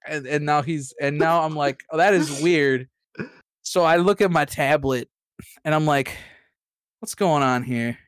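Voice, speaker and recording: A man's voice: fairly high pitch, a little slow, clean tone, dry recording, clean studio sound. Rambling, profane young man recapping. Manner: rambling, profane, laughing, with many restarts. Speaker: player recapping last session. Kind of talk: casual recap of a tabletop game session.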